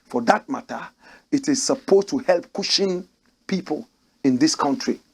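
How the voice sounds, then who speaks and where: A middle-aged man hosts a political commentary show with a fiery, mocking delivery. His voice sits high and sounds husky, with a rough edge. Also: animated, normal speed. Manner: fiery, mocking, rising to shouts.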